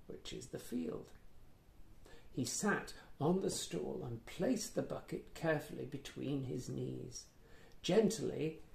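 Gravelly, animated male storyteller. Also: on the high side. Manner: animated, playful, with gasps and asides. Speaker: children's storyteller. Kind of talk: reading a picture book aloud for kids. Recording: echoey room.

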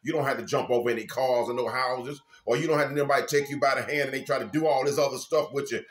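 A man's voice: medium pitch, fairly even intonation, fast talker. Fervent preacher man in an echoey room. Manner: fervent, repetitive preaching with sudden bursts. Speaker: minister. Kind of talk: informal sermon.

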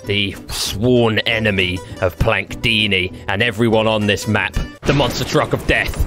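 A young man doing lively gameplay commentary, trash-talking with slang and laughing often. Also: fairly low pitch, measured pace, over music. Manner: rowdy, jokey trash-talk with slang and frequent laughter. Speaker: gaming YouTuber.

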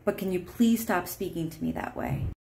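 Woman playing a calm, pleading partner. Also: on the low side, normal speed, creaky, slight background noise. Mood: firm. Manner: soft, careful and apologetic, asking politely. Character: calm, pleading partner trying to stay polite. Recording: roomy echo.

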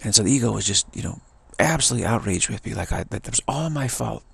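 A man's voice: on the low side, expressive, fast talker, vocal fry, slightly rough. A man giving an earnest spiritual talk, telling a story and repeating phrases for emphasis. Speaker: spiritual teacher.

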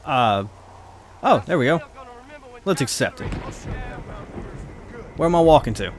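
A man chatting casually through a video game playthrough, swearing freely and reacting out loud. His voice sits a little high and swings widely in pitch. Faint background noise is heard under him. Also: animated, a little slow. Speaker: let's play host. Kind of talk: casual gameplay commentary.

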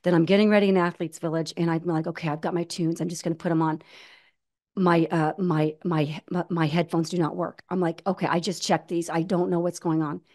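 A woman in her forties telling a personal story in a casual interview, animated, with many restarts. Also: lowish voice, fairly quick. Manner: animated, many restarts, acts out quoted voices. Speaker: guest, ultramarathon runner.

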